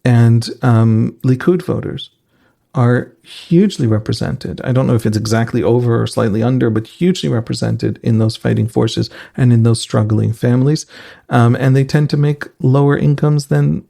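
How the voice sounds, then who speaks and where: A man's voice: medium pitch, normal speed, vocal fry, mellow. A man, a senior analyst explaining politics on a podcast in a thoughtful way, often restarting his sentences.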